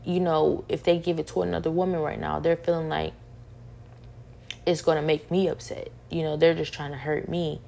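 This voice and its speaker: A young woman with a low, gravelly voice speaks in a flat, steady tone. She vents her frustrations in a personal monologue, circling back and repeating each point over and over. Her tone is dark and mellow. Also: normal speed. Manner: repetitive, frustrated, restating each point several times. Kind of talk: venting monologue.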